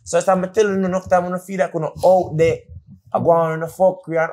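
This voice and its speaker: A man with a Jamaican accent co-hosts a casual podcast, his voice sitting a little high. He tells stories in patois with swearing, teasing his partner along the way. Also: level tone, brisk, darkish tone. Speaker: podcast co-host. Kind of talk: casual chat.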